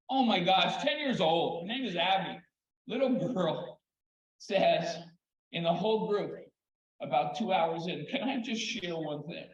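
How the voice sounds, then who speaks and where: An older man and children's therapist giving a conference talk, telling stories in an animated way with dramatic pauses. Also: sits high. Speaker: keynote speaker, children's therapist. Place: large conference hall. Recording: echoey hall, slightly dull sound.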